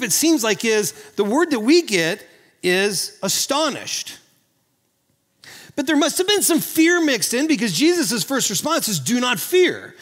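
A man from Oklahoma preaching a sermon as pastor, earnest and animated, often restarting his sentences. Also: high-pitched, big-room sound. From Oklahoma, USA.

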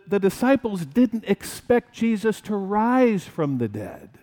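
Brief: slow, deliberate male pastor, slightly high voice, sermon with lively acted bits, long church reverb. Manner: animated, acts out disciples' fright.

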